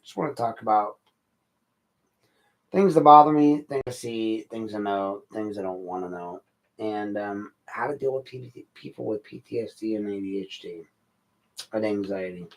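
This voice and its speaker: A man's voice: on the low side, moderate pace, low-quality recording. A middle-aged man, hosting an unscripted late-night podcast and talking bluntly in a frustrated rant. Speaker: podcast host.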